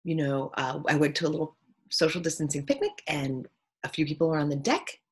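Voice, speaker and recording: A woman with a fairly low, husky voice talks through her views in an earnest, reflective monologue. She acts out quoted voices with sudden jumps in pitch. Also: animated, brisk. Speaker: teacher sharing opinions.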